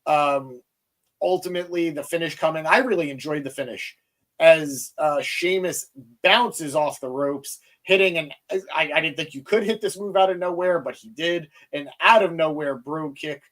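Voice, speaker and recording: Fairly high-pitched and fairly bright, the young man's voice moves at a moderate clip through casual wrestling recap talk. As the podcast host, he's enthusiastic and chatty, then gives the floor to his co-host.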